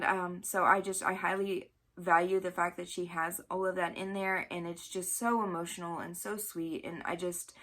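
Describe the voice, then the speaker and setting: A woman's voice: on the low side, a bit bright. A woman talking casually about books she loves, gushing and chatty. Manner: gushing, chatty, with fillers and self-corrections. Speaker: book vlogger. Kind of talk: casual book review talk.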